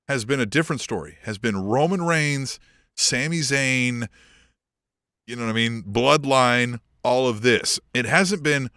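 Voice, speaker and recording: A man with a medium-pitched voice co-hosts a wrestling podcast, chatting casually and animatedly, cursing freely and laughing often. The recording is studio quality with no room sound.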